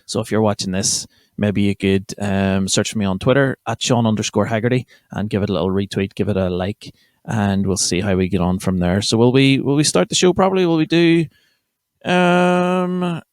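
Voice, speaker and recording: In a dry, clean studio recording, a young Northern Irish host from County Armagh riffs through a rambling, sweary comedy podcast monologue, interrupting himself along the way. His lowish voice is clear and resonant, with fairly even intonation and a moderate pace.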